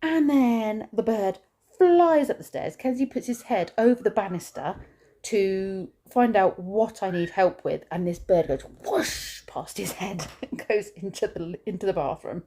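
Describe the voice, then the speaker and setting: A woman's voice: medium pitch, measured pace, warm tone. A woman vlogging casually outdoors in a garden, chatting and rambling through her chores and stories. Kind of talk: casual vlog chat.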